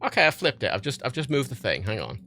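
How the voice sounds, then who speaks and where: A man's voice: medium pitch, very animated, fast, sharp tone. A young man hosting a casual livestream from his home office, rambling and swearing as he talks. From Britain. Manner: sweary, rambling, restarts often. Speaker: livestream host.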